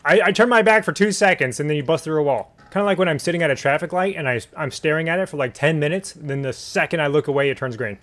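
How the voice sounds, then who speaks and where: A man's voice: fairly high pitch, fast talker, hardly any pauses, slight background noise. Joking man streaming a horror game. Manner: joking, deadpan asides, sudden yelps at scares. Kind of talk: live horror gameplay commentary.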